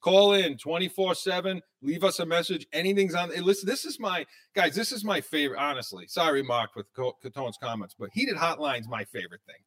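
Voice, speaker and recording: Excitable higher-voiced sports talk host. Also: male voice. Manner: animated, excitable, fast-talking.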